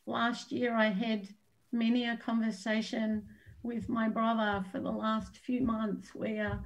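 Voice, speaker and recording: A woman with a fairly high voice speaks slowly and earnestly to an online audience. She sounds open and unhurried, and the call audio comes through dull and lo-fi. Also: a little mellow. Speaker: co-host and organizer. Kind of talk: heartfelt address. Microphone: video call.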